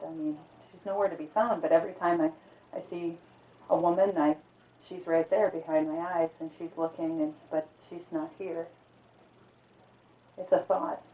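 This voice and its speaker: A woman voicing a troubled young man who talks in a subdued, halting way. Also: fairly low pitch, close to an everyday voice. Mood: haunted, quiet. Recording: echoey, distant, phone-like sound.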